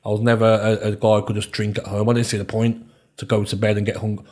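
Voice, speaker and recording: A man's voice: on the low side, level tone, fast, a little mellow. A man in his thirties with a Birmingham accent chats easily as a podcast guest. His talk is loose and rambling, full of ums and "you know what I mean". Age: 30s. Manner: chatty, many fillers and repeated "do you know what I mean". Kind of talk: casual interview chat.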